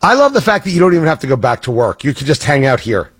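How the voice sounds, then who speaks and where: A man's voice: mid-range voice, big pitch swings, fast, slightly rough. A man hosting a radio morning show, bantering and teasing his co-hosts in a casual, joking way. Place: radio studio.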